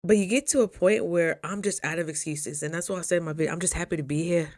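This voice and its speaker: A young woman talking casually in a motivational vlog, chatty and animated, jumping high when she quotes people. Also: fast. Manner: chews while talking at times. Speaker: vlogger.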